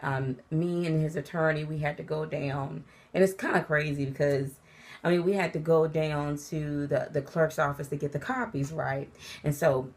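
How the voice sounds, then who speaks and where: A woman recounts a personal story to the camera in a relaxed vlog. Her voice sits a little low, but she laughs easily and jumps high when she quotes people. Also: vocal fry. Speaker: vlogger.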